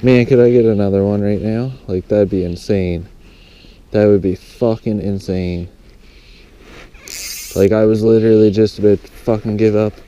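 A young man excitedly narrating his fly fishing outdoors by a lake, swearing often and exclaiming over his catch. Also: on the low side, normal speed, pauses often, a little hiss or hum. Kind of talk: excited outdoor vlog commentary.

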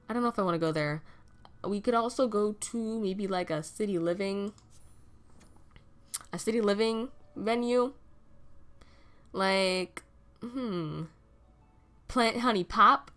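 A young woman talks her way through a life-simulation game in a loose, chatty manner, breaking into giggles often. Her voice swings widely between high, excited peaks and low, mumbled asides. The tone is relaxed and conversational, like thinking out loud. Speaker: gaming video host. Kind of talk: casual let's-play commentary.

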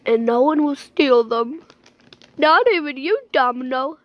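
A woman's voice: sits high, a little slow, no room sound, highs cut off. A girl hosting a playful home-made skit, teasing and dramatic. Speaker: video creator.

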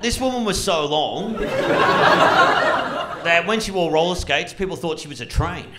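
An Australian man doing stand-up on a club stage, telling absurd stories in a deadpan way with hesitant fillers. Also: on the high side, moderate pace, a loud crowd. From rural New South Wales, Australia. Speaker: stand-up comedian. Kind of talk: stand-up comedy set. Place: comedy club stage with live audience. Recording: live club recording, noisy. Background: audience laughter.

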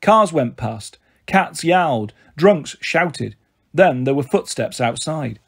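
Male audiobook reader, steady, breathy tone. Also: a little high, slow. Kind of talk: storybook narration.

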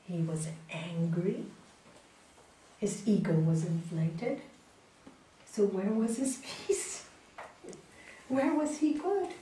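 A woman yoga teacher giving a gentle, emphatic spiritual talk and telling stories with acted voices, recorded in a hall. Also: medium pitch, lively intonation, slow pace, long pauses, recorded from a distance. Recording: echoey hall, voice from off-mic.

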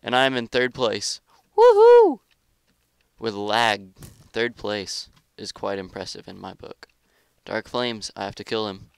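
Gaming youtuber guy, kinda low and gravelly, trash talking and griping about lag while he plays. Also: unhurried, no echo. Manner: excitable, trash-talks opponents and grumbles about lag. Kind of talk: live gameplay commentary.

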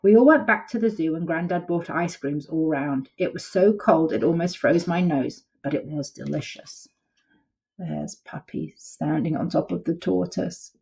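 A woman reads a picture book aloud to young children, her voice sitting a little low. She reads with lively expression and stops now and then to point out the pictures. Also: normal speed, vocal fry. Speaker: storyteller.

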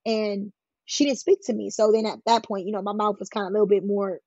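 A woman sits for an interview and tells her story in a husky voice, plainly and with emphasis, slipping into the voices of people she quotes. The sound is dull and dry, like a lo-fi recording. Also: medium pitch, little pitch movement, fast, warm tone, no echo. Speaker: guest telling her life story. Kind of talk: candid conversational storytelling.

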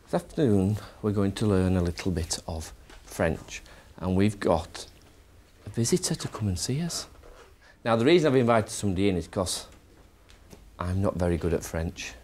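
A man's voice: sits low, big pitch swings, moderate pace, darkish tone. A man, a primary school teacher talking to his class and a colleague in a chatty, self-deprecating way. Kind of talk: classroom talk and staff chat.

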